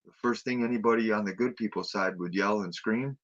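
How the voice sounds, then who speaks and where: A man's voice: on the low side, a little fast. A man ranting with heavy swearing in a casual late-night chat, recorded with dull lo-fi sound. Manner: ranting, profane, emphatic.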